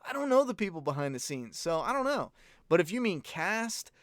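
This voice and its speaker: A man with a somewhat high voice and a dry, close sound, chatting casually as he answers viewers' questions. He rambles, swears freely and gives blunt opinions. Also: big pitch swings, fairly quick, dry recording. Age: adult parent. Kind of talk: casual live-stream Q&A chat.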